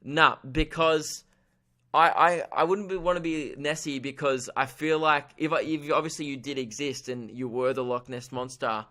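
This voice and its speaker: A man's voice: fairly high pitch, fairly even intonation, moderate pace, bright, forceful tone. A young man hosting a solo comedy podcast, rambling in a goofy, self-mocking way and laughing at his own jokes. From Australia. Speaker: podcast host.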